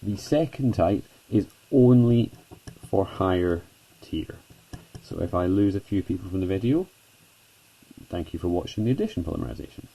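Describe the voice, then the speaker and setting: A man's voice: low voice, animated, moderate pace, warm tone, rough recording. A man teaching a chemistry lesson at a whiteboard, chatty and self-deprecating, talking students through each step.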